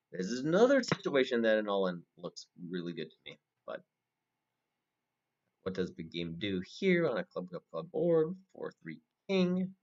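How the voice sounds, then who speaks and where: A man casually commentating a replay of his own poker tournament, rambling with lots of fillers and restarts. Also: on the low side. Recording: dull, slightly muffled recording with faint noise.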